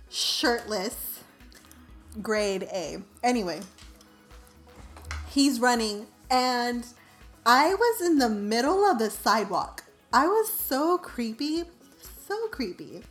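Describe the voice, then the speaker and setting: A young woman telling a story on her vlog in a casual, animated, self-mocking way, full of "like". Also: a little high. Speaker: vlogger.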